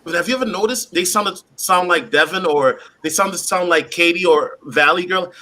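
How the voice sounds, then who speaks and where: A man speaking as a panelist on a livestream, animated and often addressing the host. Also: high voice, normal speed, few pauses.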